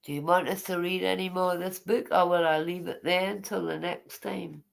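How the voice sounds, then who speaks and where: A woman's voice: on the low side, steady tone, moderate pace, vocal fry. A woman, casually reading her memoir aloud and breaking off for chatty, teasing asides.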